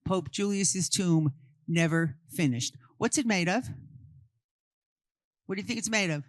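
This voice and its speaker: A woman's voice: lowish voice, no echo. New woman teaching art history, keeps quizzing the group, dry close sound. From Brooklyn, New York. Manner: quizzes the audience with quick questions, then answers them. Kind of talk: interactive talk to a live group.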